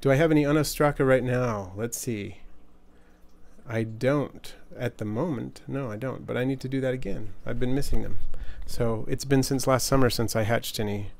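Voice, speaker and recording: A man's voice: medium pitch, normal speed, creaky, darkish tone. A man in his forties, casually chatting with viewers as livestream co-host at home, rambling and reading chat aloud. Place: home, desert region.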